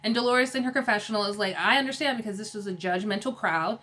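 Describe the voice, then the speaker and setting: A woman recapping a reality TV episode in a chatty, casual way, laughing often and quoting the cast in quick asides. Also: mid-range voice, a bit bright.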